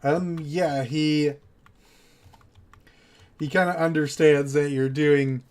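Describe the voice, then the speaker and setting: A man's voice: on the high side, steady tone, slow pace, a little mellow. A man running a tabletop role-playing game as game master, thinking aloud with fillers as he moves the session along.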